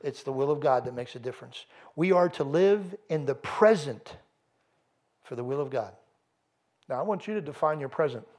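A man's voice: medium pitch, animated, normal speed, a little mellow. A man preaching a sermon as pastor, firing rhetorical questions and building in intensity. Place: church.

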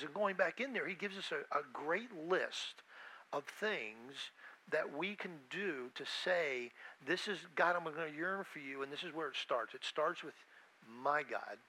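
A man's voice: on the high side, pushed and bright, low-quality recording. A man preaching an informal sermon who talks in a conversational way, with restarts and asides to the listeners, and who works as a hospital chaplain.

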